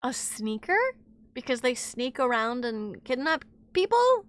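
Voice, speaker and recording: A woman livestreamer casually chatting with her viewers, excitable and giggly, swearing freely and reacting to chat messages. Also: high voice, measured pace, no echo.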